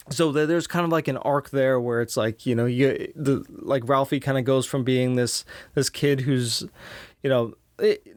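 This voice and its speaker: A man in his thirties talks through a casual solo podcast, circling back with fillers and restarts. His voice sits mid-range, recorded dry and close with no room around it. He jumps higher when acting out what people said. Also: dry recording. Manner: rambling, many restarts and fillers, acts out quotes in higher voices. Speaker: podcast host.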